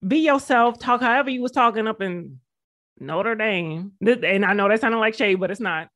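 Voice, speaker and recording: A woman's voice: medium pitch, lively intonation, moderate pace, fairly bright tone, dry recording. Young woman, southern drawl, sassy and blunt, dry close sound. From American South. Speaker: podcast co-host. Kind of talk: casual chat.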